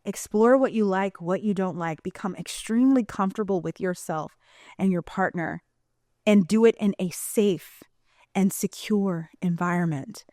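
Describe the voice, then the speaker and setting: A woman's voice: medium pitch, moderate pace, mellow, dry recording, studio quality. A woman talking in a casual vlog monologue, chatty, colloquial and emphatic. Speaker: vlogger.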